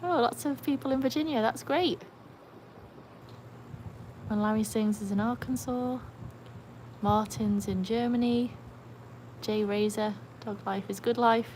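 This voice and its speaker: A British woman with a slightly high, slightly mellow voice speaks a little slowly and pauses often while hosting a casual livestream beside an outdoor pool. She chats with viewers, reads their comments aloud, and coaxes her dogs amid splashing and barking, on a rough recording with a little hiss or hum.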